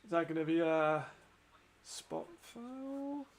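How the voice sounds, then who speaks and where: A man hosting a football watch-along, commenting live with excitement, frequent swearing and laughter. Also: a little high, takes it slowly.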